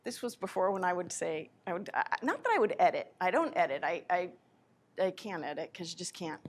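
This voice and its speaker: A spiritual teacher giving a live lecture, telling personal stories in an animated way and often correcting herself mid-sentence. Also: female voice, fairly low pitch, a little fast. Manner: animated anecdotes with self-corrections.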